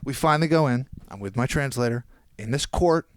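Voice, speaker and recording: A man, a podcast guest, telling a long anecdote in casual chat and quoting people in quick voices. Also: medium pitch, lively intonation, clear, resonant tone, no room sound.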